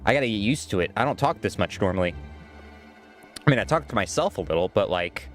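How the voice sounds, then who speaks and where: A man's voice: fairly low pitch, lively intonation, fast, faint music behind. A man streaming a game live, chatting in a self-deprecating way and laughing often.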